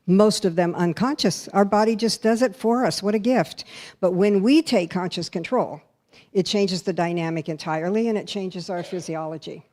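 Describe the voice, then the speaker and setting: A woman's voice: medium pitch, a little mellow. Woman minister leading breathwork. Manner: demonstrative, coaching the congregation. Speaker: spiritual center minister. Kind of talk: guided breathwork talk.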